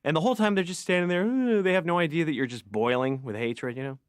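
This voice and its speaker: A man's voice: fairly high pitch, fast, clean tone, no room sound. A man doing a sardonic, exasperated stand-up monologue as a therapy patient.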